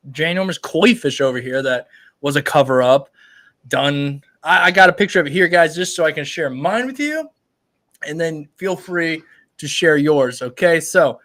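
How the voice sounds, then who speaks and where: A fairly high-voiced man in his thirties hosts a casual live stream. He rambles in an upbeat way and talks straight to his viewers. He sounds like a tattoo artist chatting off the cuff. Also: a bit bright.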